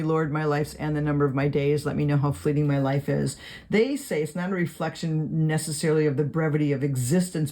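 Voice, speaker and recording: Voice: mid-range voice, dark tone. A Bible study teacher in a casual video lesson, reading verses aloud and explaining them in a conversational way with many fillers while writing notes. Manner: writes notes while talking.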